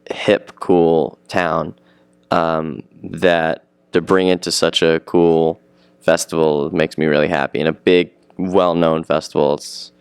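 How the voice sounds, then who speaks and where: A teenage young man with a low, deep voice, speaking eagerly and at length in a relaxed interview. His tone is smooth and clear, and the sound is close and dry with little room echo. He rambles and circles back on his own words. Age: teens. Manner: eager, rambling, repeats himself. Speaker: actor being interviewed. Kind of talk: casual interview chat.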